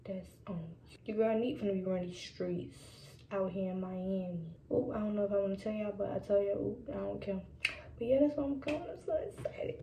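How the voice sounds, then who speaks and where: A young woman chats to her viewers while doing her makeup, now and then dropping into a whisper. Her voice has a gravelly fry. The recording sounds roomy and a bit dull, with faint background noise. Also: mid-range voice. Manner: chatty, addresses viewers as y'all, drops into whispers. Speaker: vlogger. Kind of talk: casual get-ready-with-me chat. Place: indoors at home doing makeup.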